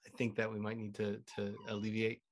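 Low-voiced giggly woman co-host. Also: monotone, brisk. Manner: playful, giggly, puts on silly voices. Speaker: podcast co-host. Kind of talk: casual chat.

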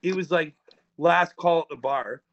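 A man's voice: a little high, unhurried, gravelly, muffled recording. A man telling rambling, profane stories in a casual podcast chat. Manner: rambling and profane, with frequent restarts. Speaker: podcast co-host.

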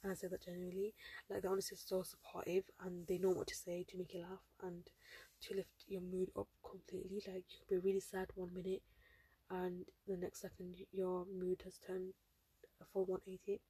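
A teenage girl hosts her own podcast, rambling along with plenty of fillers. Her voice is husky and mellow, with little rise and fall. She sounds close to the mic, dry and unroomy. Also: fairly low pitch, monotone, fairly quick, no echo. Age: teens. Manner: rambling, filler-heavy, chatty. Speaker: podcast host. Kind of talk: casual solo podcast chat.

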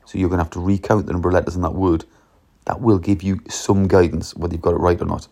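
A man gives a solo podcast talk on teaching, emphatic and hands-on as he acts out his classroom instructions. His voice sits very low and has a gravelly, creaky texture. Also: steady tone, quick pace, warm tone.

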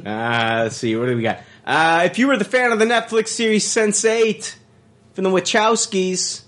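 A man's voice: sits high, animated, normal speed, fairly bright tone. A man from the American Midwest hosting a podcast, rambling in brash, profane casual chat with many restarts. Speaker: podcast host.

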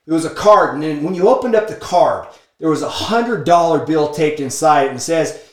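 A man telling a business story in an energetic, emphatic monologue, peppering his talk with "like" and "okay?". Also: on the high side, brisk. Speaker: speaker sharing business lessons from a book. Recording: echoey room.

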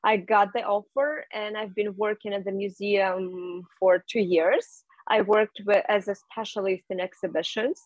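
A young woman from Russia, speaking English as an in a casual interview, halting with many fillers and restarts. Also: medium pitch, fairly even intonation, dry recording, dull audio. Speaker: guest.

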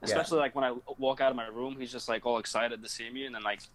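A man's voice: medium pitch, steady tone, racing, fairly bright tone, low-quality recording. A young man, a guest in a casual chat, telling stories in an easygoing way with little laughs.

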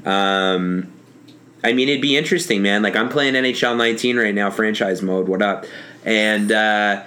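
A man with a lowish voice talks in a relaxed, drifting way, leaning on 'like' and 'man'. He sounds unhurried and easy among friends. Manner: laid-back, says man and like a lot. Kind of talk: casual hockey chat.

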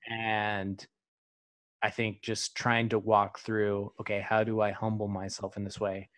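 A man co-hosting a casual faith-based chat, speaking in a slow, reflective, soft-spoken way. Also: on the low side, completely flat delivery, no room sound, studio quality. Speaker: podcast co-host.

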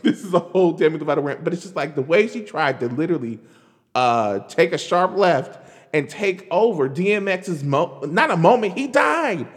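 A man hosting a podcast in a casual solo rant, chatty and animated, filling his talk with "like" and "girl". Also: high voice, long reverb tail. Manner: animated, chatty, lots of "like" and "girl", laughs while talking. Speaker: podcast host.

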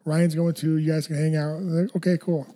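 A young man telling a story in a casual, animated way, laughing often and using slang. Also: a little high, brisk. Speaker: guest, fighter.

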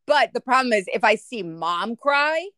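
A woman's voice: fairly high pitch, lively intonation, normal speed, pushed and bright, no echo, clean studio sound. A woman chatting casually as maid of honor, blunt and playful, often laughing. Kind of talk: casual chat.

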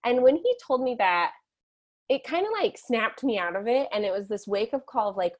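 A woman's voice: a little high, sing-song, normal speed. A woman in her thirties, a guest telling stories with animation, laughing and acting out quotes. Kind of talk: storytelling in conversation.

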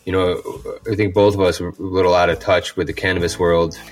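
A man hosts a podcast in easy conversation, his voice very low and deep. He gushes openly and fills his pauses with ums and uhs, while faint music runs underneath. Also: little pitch movement. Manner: warm-hearted, gushing, loose with fillers. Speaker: podcast host. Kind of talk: casual interview chat.

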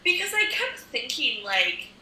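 A woman's voice: sits high, very animated, unhurried, bright, forceful tone, roomy sound, low-quality recording. A young woman in casual chat, rambling and thinking aloud with many fillers.

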